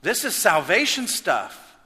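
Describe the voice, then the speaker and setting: A man preaching a sermon as pastor, swinging from loud emphasis to hushed intensity. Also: high voice, very animated, takes it slowly. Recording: echoey hall reverb.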